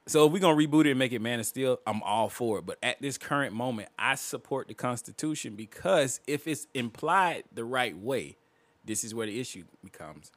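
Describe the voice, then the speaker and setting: A man's voice: medium pitch, a little fast, no echo. A man co-hosting a podcast in casual, profane chat, laughing often. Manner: laughs a lot, animated, profane. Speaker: podcast co-host.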